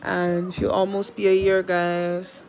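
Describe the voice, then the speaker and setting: A woman's voice: fairly low pitch, completely flat delivery, slow pace, a little mellow, a little hiss or hum. A young woman, chatting casually and rambling to camera at home about her pet parrot.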